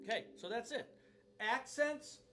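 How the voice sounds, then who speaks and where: A man's voice: extremely high pitch, expressive, unhurried, over loud music. A man teaching drums in a casual video lesson, rambling and joking at his own expense. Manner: rambling, joking, self-deprecating. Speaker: drum teacher. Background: loud drum kit playing.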